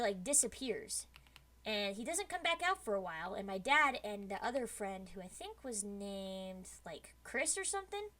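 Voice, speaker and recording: Higher-voiced woman telling a spooky story. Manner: lively, frequent "like" fillers, builds suspense. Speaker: streamer telling a story to chat. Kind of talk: casual spoken storytelling.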